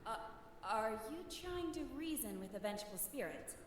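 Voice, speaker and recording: A raspy, scornful vengeful spirit. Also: female voice, fairly high pitch, sing-song, normal speed. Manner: snappish, sarcastic. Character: young woman posing as a vengeful spirit, brooding and irritable. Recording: echoey, distant, faint noise behind.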